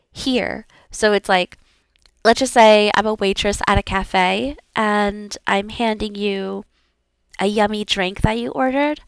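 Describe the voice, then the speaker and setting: A woman's voice: medium pitch, vocal fry, clean tone, dry recording. A woman VTuber practicing her language lessons aloud in a casual, rambling way, often giggling and using many fillers.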